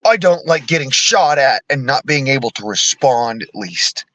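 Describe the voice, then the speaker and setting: A man's voice: medium pitch, expressive, moderate pace, a bit bright, dry recording. A man in his thirties ranting angrily about politics, profane, heated and sarcastic. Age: 30s. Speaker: streamer. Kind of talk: angry political rant.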